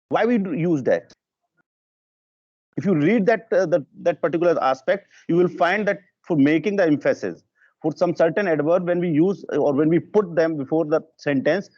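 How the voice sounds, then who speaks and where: A man's voice: a little high, moderate pace, a little mellow, no echo, muffled recording. Insistent Indian man, dry call audio. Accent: Indian English. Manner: questioning, repetitive, insistent. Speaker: workshop participant. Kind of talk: online workshop discussion.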